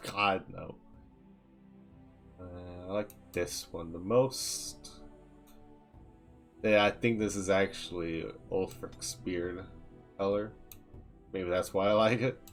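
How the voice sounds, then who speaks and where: A man's voice: deep voice, fairly even intonation, slow pace, long pauses, faint music behind. A man streaming a game, talking casually to himself and reading out menu text as he builds a character. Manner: muses aloud, reads out menu text. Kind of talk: casual gameplay commentary.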